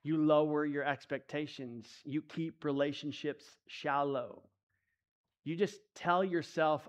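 A man preaching a sermon, moving between hushed, intimate lines and emphatic rises. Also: fairly high pitch, steady tone, slow pace, muffled recording. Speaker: pastor.

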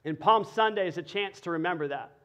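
A pastor delivers a sermon in a noticeably high male voice. He moves between soft, explaining passages and loud, fervent climaxes, pushing hard on repeated phrases. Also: brisk. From Texas. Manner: preaching, rising to loud passionate emphasis.

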